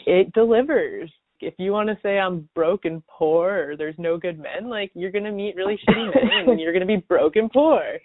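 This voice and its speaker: A woman hosting a podcast, speaking in a calm, affirming and spiritual way. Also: on the low side, normal speed, hardly any pauses. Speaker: podcast host. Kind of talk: casual chat. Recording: tinny phone-like line.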